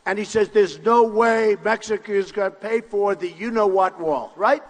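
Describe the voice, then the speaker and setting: Older man, rally speech, raised pitch, long hall echo, boastful and repetitive. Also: normal speed. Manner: boastful, repetitive, punchy short phrases, often shouting to the crowd. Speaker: political candidate at a rally. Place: large university hall with crowd.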